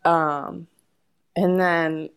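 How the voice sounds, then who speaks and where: A woman telling a story as a podcast guest in animated, casual talk, laughing often and using many fillers. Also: lowish voice, drawn-out words, clean tone.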